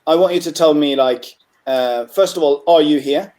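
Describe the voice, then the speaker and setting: A man tutoring a student in Chinese over a call, encouraging and relaxed, with frequent fillers and throat clearing. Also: a little high, moderate pace. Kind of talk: online tutoring session.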